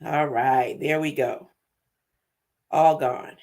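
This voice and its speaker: A woman hosting a spiritual livestream, speaking unhurried affirmations, laughing often and repeating words for emphasis. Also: deep voice, fairly even intonation, a little mellow. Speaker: livestream host.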